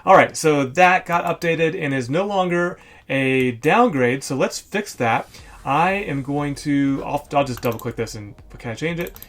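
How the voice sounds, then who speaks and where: A man's voice: on the high side, unhurried, a bit bright. A man hosting a casual screen-share walkthrough, chatty and thinking aloud, correcting himself often with ums. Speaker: host of a software store review show.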